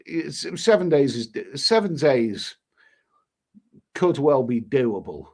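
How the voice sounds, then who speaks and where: A man's voice: mid-range voice, very animated, takes it slowly. A man hosting a travel live stream, reading viewer comments aloud and rambling in an exasperated way. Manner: rambling, exasperated, swears mildly.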